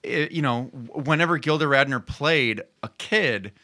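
A podcast co-host talking through a TV episode in a rambling, halting way. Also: mid-range voice, sharp tone. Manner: rambling, halting restarts and fillers. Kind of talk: casual chat reviewing a TV episode.

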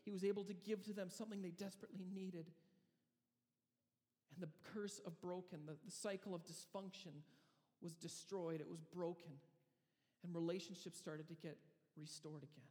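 High-voiced guy preaching in a church, long reverb, lots of pauses. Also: steady tone, mellow. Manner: storytelling with dramatic pauses and frequent restarts. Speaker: pastor. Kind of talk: sermon.

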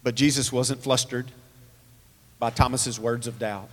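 A man's voice: mid-range voice, fairly even intonation, a little slow. Earnest male preacher in a reverberant hall. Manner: earnest preaching, rhetorical questions, reads scripture aloud. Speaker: pastor. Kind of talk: sermon.

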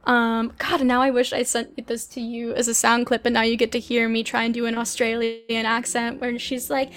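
A woman co-host talks in a high voice in loose, joking conversation. She gets animated and sometimes bursts into loud exclamations. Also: moderate pace, hardly any pauses. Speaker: podcast co-host. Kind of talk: casual chat.

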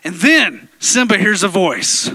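High-pitched, lively preaching man. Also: moderate pace, dry recording. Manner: playful, jokes with the congregation, drops into deep impressions. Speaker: pastor. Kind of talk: energetic sermon. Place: church sanctuary.

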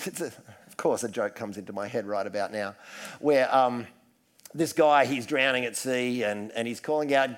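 A man's voice: medium pitch, unhurried. A man preaching a casual, self-deprecating sermon full of asides. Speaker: pastor.

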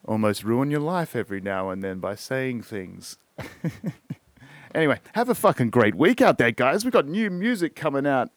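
An Australian man talks on his own podcast in a loose, rambling way, swearing in nearly every sentence and shrugging off his own points. His voice sits at an ordinary middle pitch. The sound is dry and close, with no room around it. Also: no echo. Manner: rambling, swears constantly, trails off with "I don't know". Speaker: podcast host. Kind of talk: casual solo podcast monologue.

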